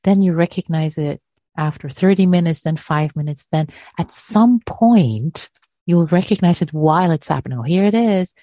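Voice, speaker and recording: A woman meditation teacher answering a question in a gentle, soothing talk, repeating words and trailing off. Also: low voice, moderate pace, no room sound, clean studio sound.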